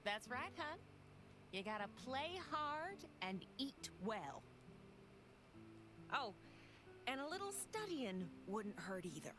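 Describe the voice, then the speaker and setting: An actress voicing a sweet, motherly grown woman in a video game, speaking in a slow Southern drawl. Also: fairly high pitch, big pitch swings, music in the background. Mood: folksy, sweet.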